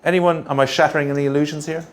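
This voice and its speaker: A man presenting a grant writing workshop, punchy and energetic, checking in with the room with quick rhetorical questions. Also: a little high. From Australia.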